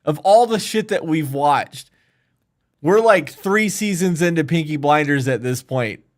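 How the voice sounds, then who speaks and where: A man's voice: fairly high pitch, unhurried. A man co-hosting a podcast, chatting casually in a laid-back, teasing way and swearing freely. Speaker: podcast co-host. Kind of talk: casual chat.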